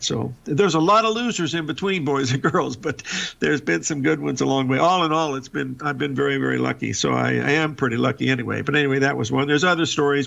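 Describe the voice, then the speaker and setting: Gravelly older man with folksy rambling talk. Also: medium pitch, a bit bright. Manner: rambling, folksy, repeats words. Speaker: show host. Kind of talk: casual live market talk and storytelling. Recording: dull lo-fi broadcast audio.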